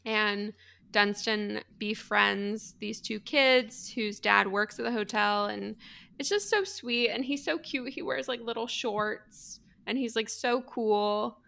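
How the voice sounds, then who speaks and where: A woman's voice: a little high, slow pace, gravelly, pushed and bright. A woman in her thirties co-hosting a podcast, chatting casually and gushing with lots of "like" and giggles. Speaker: podcast co-host. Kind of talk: casual chat.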